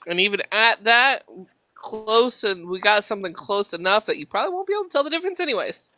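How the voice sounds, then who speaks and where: Bright-voiced woman game master. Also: medium pitch, quick pace, no room sound, highs cut off. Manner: relaxed, chatty, filler-heavy. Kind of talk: narrating a tabletop game.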